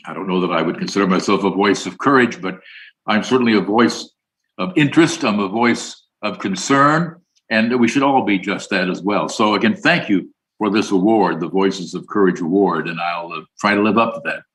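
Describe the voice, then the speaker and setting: A man giving a conference acceptance speech in a folksy way, answering imagined objections and repeating a hotline number slowly. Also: sits low, fairly bright tone, low-quality recording. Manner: folksy, plays both sides of an imagined dialogue.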